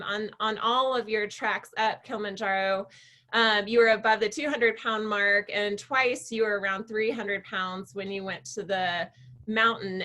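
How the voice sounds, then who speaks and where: A woman hosting a book club interview, chatty and telling stories, with fillers between her thoughts. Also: medium pitch. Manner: chatty, warm storytelling with fillers.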